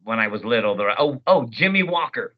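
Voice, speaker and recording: A man in his forties, a voice actor guest, chatting casually in an animated way with playful asides. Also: medium pitch, fairly quick, dull audio. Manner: animated, breaks into loud sung snippets and mimicked voices. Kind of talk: casual interview chat.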